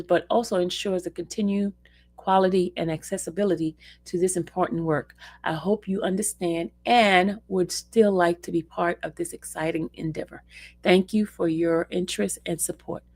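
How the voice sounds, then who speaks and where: A woman hosting a casual livestream, talking expressively and fondly to her viewers and her dog. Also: medium pitch. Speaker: livestream host.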